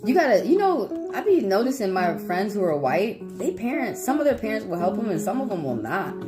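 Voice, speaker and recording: A young woman giving tarot readings on a casual livestream, talking in a profane, rambling, animated way. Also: medium pitch, brisk. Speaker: tarot reader. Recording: guitar music playing behind.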